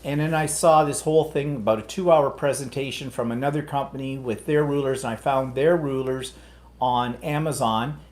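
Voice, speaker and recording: A man co-hosting a casual live chat show, talking in a rambling, teasing, chatty way. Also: mid-range voice. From United States. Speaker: co-host.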